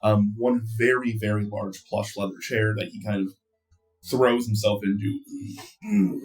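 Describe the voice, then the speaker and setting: A man narrating a tabletop game as game master in a relaxed, chatty way. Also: fairly low pitch, a little slow, distant mic, faint music behind.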